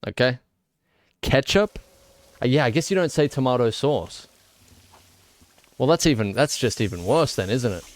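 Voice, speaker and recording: An Australian man's animated, mid-range voice at normal speed as he streams a game. He rambles casually and jokes with mock indignation.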